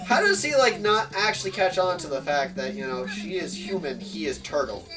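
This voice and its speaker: A game commentator chats casually while playing a video game, wondering aloud and saying "like" a lot. The voice has medium pitch, lively intonation, and a moderate pace, sitting back from the mic over game music.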